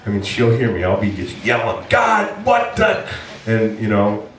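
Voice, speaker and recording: A low-voiced pastor from Maine delivers a storytelling sermon, recounting a personal tale at a slightly quick clip and erupting into exasperated shouts when he quotes himself. He's captured from afar in an echoey church sanctuary, with a faint hiss in the background.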